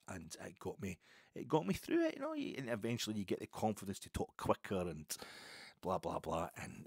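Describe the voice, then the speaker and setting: A Scottish man in his fifties talks through his own podcast in a deep, slightly husky voice. He rambles and doubles back on himself with dry, wry humour, and the sound is close and dead with no room echo. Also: darkish tone. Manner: rambling, wry, self-correcting. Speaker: football podcast host. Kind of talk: casual solo podcast chat.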